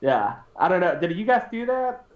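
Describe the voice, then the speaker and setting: With a voice that sits high and swings widely in pitch, this stream co-host spins a long, meandering story at normal speed, frequently laughing and starting sentences over. The recording has a roomy, dull, lo-fi stream quality.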